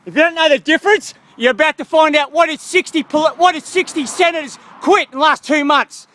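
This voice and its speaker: A man's voice: very high-pitched, a little fast, sharp tone. An Australian man in a heated street argument with police, ranting angrily and swearing a lot. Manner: angry, profane ranting. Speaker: member of the public confronting police.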